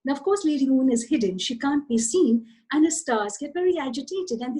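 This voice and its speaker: A woman author telling a children's story in an animated, expressive way, addressing her listeners directly. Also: sits high, a little fast, hardly any pauses, rough recording.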